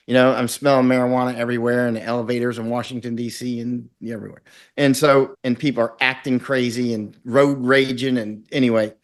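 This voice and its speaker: Appearing as a guest in a conversational interview, a middle-aged war correspondent from Florida speaks at an ordinary pitch. His delivery is intense and rambling, and he slips into acted-out quotes along the way.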